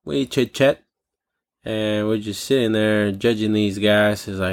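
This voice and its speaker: A man's voice: fairly low pitch, level tone, unhurried, vocal fry. A man hosting a comedic solo rant, rambling and profane, with jokey digressions.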